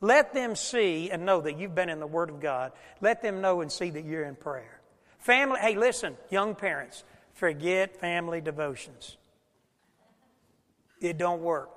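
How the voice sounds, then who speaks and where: An older man, a pastor preaching a folksy, animated sermon with loud bursts in a church. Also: sits high, a little slow, in a large hall. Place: church sanctuary.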